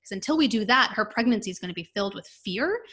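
A woman speaking as a guest specialist in a podcast interview, explaining in a calm, measured way. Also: mid-range voice. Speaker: guest, high-risk pregnancy specialist.

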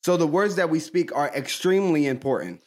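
Forceful man preaching on a podcast. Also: a little high, lively intonation, a little fast. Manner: forceful, repetitive emphasis. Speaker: co-host of a faith podcast. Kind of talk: preaching-style faith talk.

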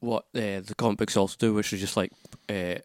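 A man's voice: on the low side, steady tone, a little fast, dry recording, studio quality. A man co-hosting a film podcast, rambling and joking as he trails off with fillers. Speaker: podcast co-host. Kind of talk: casual chat.

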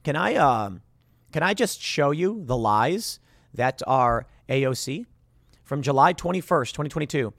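A man's voice: mid-range voice, expressive, measured pace, gravelly, fairly bright tone, no echo, studio quality. A man from Chicago hosting a political commentary show, reacting to news clips with sarcastic, indignant remarks.

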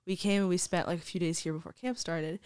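A woman's voice: lowish voice, steady tone, quick pace, a little mellow, smooth, no echo, studio quality. A young woman telling her story as a podcast guest, chatty, saying "like" a lot and laughing often. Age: young adult. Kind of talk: casual storytelling interview.

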